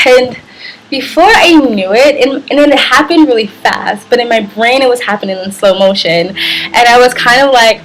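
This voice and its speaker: A woman's voice: on the high side, moderate pace, slight background noise, low-quality recording. Chatty young woman telling a story. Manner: animated, chatty, lots of fillers and laughs. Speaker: travel vlogger. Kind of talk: casual storytime vlog.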